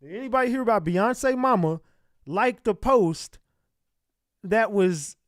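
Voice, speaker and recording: A man with a high voice hosts a casual live stream and talks straight to his viewers. He laughs often and keeps asking the chat questions. The sound is dry and close. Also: expressive, measured pace, no echo.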